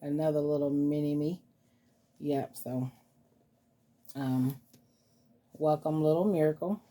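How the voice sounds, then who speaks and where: A woman's voice: deep voice, fairly even intonation, takes it slowly, mellow. A woman vlogger chatting casually and cooing to her dolls as she shows them off. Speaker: vlogger showing reborn dolls. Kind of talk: casual vlog chat.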